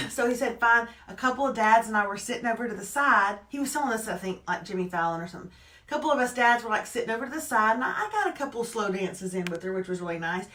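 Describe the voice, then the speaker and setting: A woman's voice: fairly high pitch, animated, fast talker, a bit bright, echoey room, far from the mic. A woman co-hosting a casual live morning show, chatting animatedly and reading out viewer comments. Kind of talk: casual live-stream chat.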